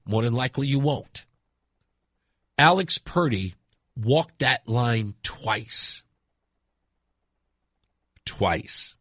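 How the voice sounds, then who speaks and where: A man's voice: mid-range voice, fairly bright tone, husky, no room sound, clean studio sound. A man hosting a radio talk show, delivering an emphatic monologue and repeating words for effect.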